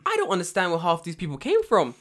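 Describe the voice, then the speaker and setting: A man co-hosting a podcast in casual chat, excitable and profane, breaking into loud outbursts. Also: sits high, fast talker. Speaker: podcast co-host.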